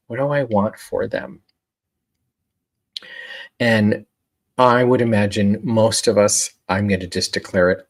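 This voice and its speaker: A man coaching in a relaxed motivational talk, reflective, with many fillers and restarts. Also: on the low side.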